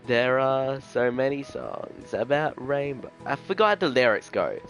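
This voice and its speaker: A man's voice: mid-range voice, unhurried, vocal fry. A young man live-streaming a game, chatting casually and rambling in slang, often tossing in "bro". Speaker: gaming streamer. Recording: faint music behind the voice.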